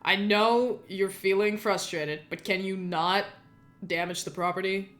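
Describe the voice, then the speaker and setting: A woman's voice: medium pitch, steady tone, unhurried, a bit bright, soft background music, close to an everyday voice. A woman voicing a stern, exasperated mother who heads her family. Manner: clipped, exasperated.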